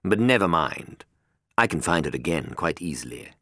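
A menacing, quick-tempered villain with a cutting, raised delivery, as a male narrator voices him. The voice sits very low but swings widely. The sound is dry and close. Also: sing-song, fairly bright tone, no room sound, heavily acted. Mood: dismissive.

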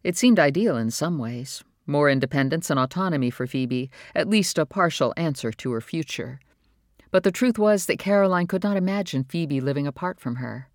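Calm, measured audiobook narrator. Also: mid-range voice, no room sound, clean studio sound.

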